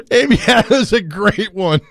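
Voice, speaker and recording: A male sports radio host talks with his studio crew in easy banter, laughing and joking between topics. His voice sits a touch high, and the sound is dry and close on a studio microphone. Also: animated, slow, gravelly, fairly bright tone, no room sound. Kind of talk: casual sports radio chat.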